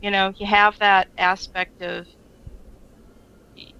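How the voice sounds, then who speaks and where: A woman co-hosting a relaxed podcast, talking at an unhurried pace. Her voice is bright and crisp, with a gravelly fry underneath. She rambles along with plenty of fillers. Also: mid-range voice, highs cut off. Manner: chatty, rambling storyteller with frequent fillers and laughs. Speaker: podcast co-host. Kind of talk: casual chat.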